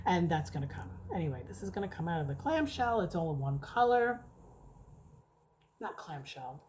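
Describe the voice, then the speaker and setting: A woman's voice: on the low side, very animated, normal speed, a little mellow, rough recording. A middle-aged woman at home, chatting casually and rambling as she reviews wax melts, swearing now and then. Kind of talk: casual chat. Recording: noticeable background noise.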